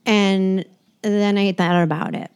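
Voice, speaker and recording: Her rambling stories, full of restarts, come from a woman in her forties who co-hosts a casual chat show. The mid-range voice is steady, slow, a little mellow, clear and resonant.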